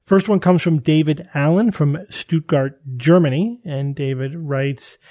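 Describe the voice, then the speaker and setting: A man's voice: fairly high pitch, unhurried. A man hosting a casual science podcast, reading out listener emails and acting out quotes with lots of restarts. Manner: animated, acts out quotes, frequent restarts. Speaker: podcast host.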